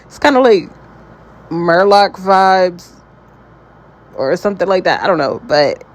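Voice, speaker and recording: A man's voice: high-pitched, a little slow, poor audio. Rambling, laid-back man reviewing a show. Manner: rambling, filler-heavy, with frequent "um" and "like". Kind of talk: casual spoken review.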